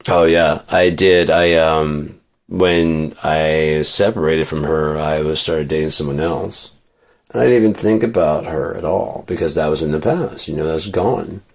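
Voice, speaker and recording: A man's voice: extremely low pitch, a little slow, vocal fry. A man venting in a rambling, profane monologue with many restarts. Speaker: vlogger.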